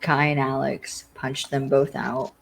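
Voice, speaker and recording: Podcast co-host, casual episode recap, rambling, lots of fillers, mid pitch, faint noise behind. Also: completely flat delivery, measured pace, creaky, rough recording. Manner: rambling retelling full of "like" fillers.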